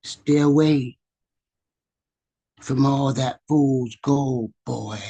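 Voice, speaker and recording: A man voicing his dead father, who gives stern advice to his son in a low, quiet voice. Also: fairly even intonation, very slow, gravelly, husky, full character voice.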